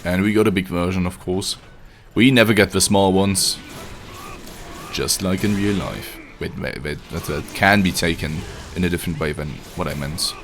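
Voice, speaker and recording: A man's voice: sits low, fairly even intonation, normal speed, fairly bright tone, faint music behind. A man streaming a video game live, joking and swearing as he chats to his viewers in casual commentary. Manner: joking and profane, chatting to viewers. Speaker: livestreamer playing a video game.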